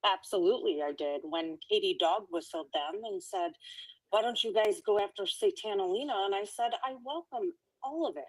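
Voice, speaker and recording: A woman talking casually on a livestream, animated and defensive, swearing freely. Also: medium pitch, normal speed, poor audio. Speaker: livestream guest.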